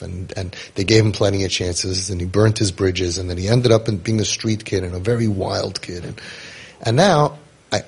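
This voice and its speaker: A parenting guide tells a story in a lowish, creaky, husky voice. He speaks casually and animatedly, acting out the dialogue and restarting often.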